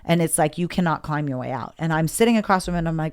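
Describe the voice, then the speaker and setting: A woman's voice: low-pitched, fast, clean tone. A woman in her thirties, a podcast guest, telling her story in casual chat and acting out quoted dialogue. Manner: animated, acts out quoted dialogue.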